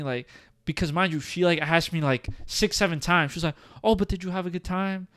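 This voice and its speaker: Young male podcast co-host, clear tone, slightly higher register, animated casual storyteller. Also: fairly quick. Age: young adult. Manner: animated storytelling, heavy use of "like" and "bro". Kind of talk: casual chat. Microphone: studio podcast mic, seated.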